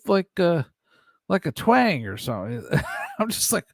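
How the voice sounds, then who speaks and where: A man's voice: sits high, a little slow, vocal fry, dry recording, studio quality. A man hosting a casual show, reading out viewer comments and joking with his guests, laughing often. He is from Ohio. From Ohio, USA. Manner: jokey, laughs often, animated. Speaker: host.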